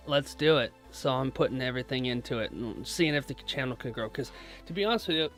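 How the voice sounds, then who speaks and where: A man's voice: medium pitch, fairly bright tone. A young American man streaming live while day trading, rambling casually and greeting viewers by name. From United States. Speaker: livestream day trader.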